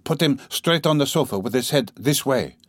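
A man voicing an earnest, anxious young man who speaks quickly and urgently. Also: mid-range voice, expressive, no room sound, studio quality, natural voice.

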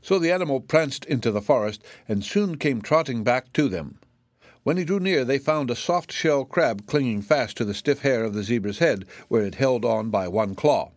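Male narrator reading a story, even and clear, dry booth feel. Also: medium pitch, moderate pace, dry recording. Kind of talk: audiobook reading.

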